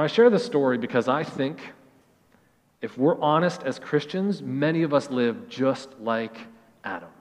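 Pastor preaching in a reverberant hall. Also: male voice, a little high. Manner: earnest storytelling, drops soft at key phrases. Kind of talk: sermon.

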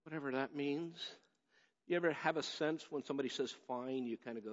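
A man's voice: medium pitch, brisk. A man preaching a sermon in a conversational way that builds to emphatic stretches. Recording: echoey hall, dull lo-fi sound.

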